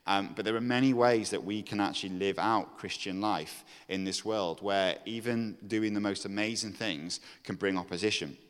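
A man preaching a sermon. His voice is low-pitched and smooth, and it carries a long echo from a large church hall. He reads scripture steadily, then shifts into relaxed, animated talk with fillers and restarts. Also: moderate pace, hardly any pauses.

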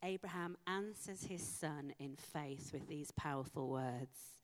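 Slow, low-voiced woman preaching. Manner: slow, emphatic, with dramatic pauses. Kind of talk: sermon. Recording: long hall reverb.

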